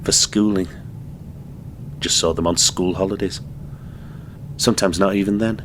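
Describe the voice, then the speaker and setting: A man's voice: sits low, steady tone, slight background noise, close to an everyday voice. A man playing a weary, subdued grown son. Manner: halting, subdued, reflective.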